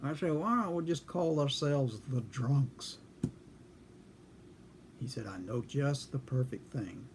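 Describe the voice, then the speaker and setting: A man's voice: mid-range voice, takes it slowly, long pauses, slight background noise. A man telling a casual story in a folksy, dry way, acting out both sides of a conversation. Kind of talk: casual spoken anecdote.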